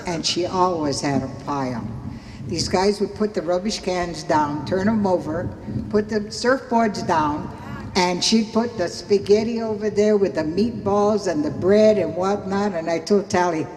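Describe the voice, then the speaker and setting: A woman telling lively stories and a joke to a memorial crowd, acting out the voices of the people in them. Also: on the low side, a little slow, a little hiss or hum. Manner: animated storyteller, acts out voices. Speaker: guest speaker at a memorial. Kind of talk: storytelling a joke. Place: outdoor beach gathering on a sound system. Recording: echoey public address with long reverb.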